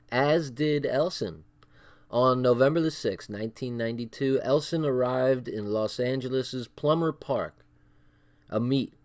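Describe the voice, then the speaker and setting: A man's voice: medium pitch, a little mellow. A man reading a crime book aloud on a livestream, stopping for side remarks, swearing and chuckling, and breaking off to check his chat. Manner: reads with asides, swearing and chuckles.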